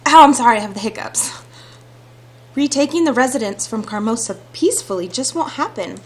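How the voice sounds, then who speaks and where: A woman reading aloud the lines of a young heroine who longs to escape her stepmother, in an earnest, reflective way. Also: a little high. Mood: resolute. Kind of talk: reading visual novel dialogue aloud.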